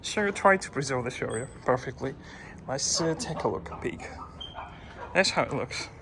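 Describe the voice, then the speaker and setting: Male vlogger, phone in hand, chatty and halting as he tours old rooms, slight background hiss. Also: mid-range voice. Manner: relaxed, hesitant with many uh fillers, addresses viewers. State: breathing heavily while climbing. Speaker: walking tour vlogger. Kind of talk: casual walking tour narration. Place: old fort, indoors and out. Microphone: handheld phone.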